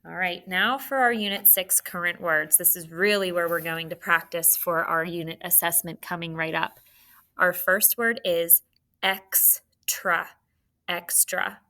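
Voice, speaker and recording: A woman teacher gives children a spelling lesson, patient and clear, sounding words out slowly. Her voice is on the low side, pushed and bright.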